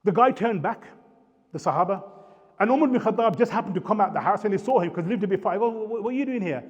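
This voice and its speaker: A high-pitched Birmingham man speaks quickly and bluntly at a panel in a community centre hall, scolding the live audience with street-style slang in an impassioned talk. The hall is roomy and reverberant, and the sound is dull.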